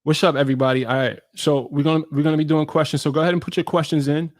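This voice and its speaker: This fitness creator from New York talks very fast in a fairly high, steady voice during a casual live Q&A. He keeps things loose and slangy, calling out viewers by name.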